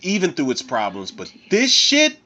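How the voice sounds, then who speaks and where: A podcast host from Philadelphia runs a tipsy movie commentary, talking excitably and profanely with laughing asides. His voice is a little high at a normal speed, and the audio sounds dull.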